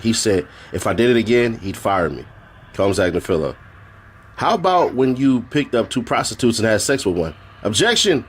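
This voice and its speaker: A man on a live stream reads out a court transcript in a low, husky voice. He keeps the reading flat and plain, then drops in joking asides of his own.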